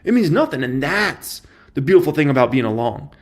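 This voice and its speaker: A man giving casual stock market commentary in an emphatic, excitable way, repeating his points for effect. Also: fairly high pitch, a little fast.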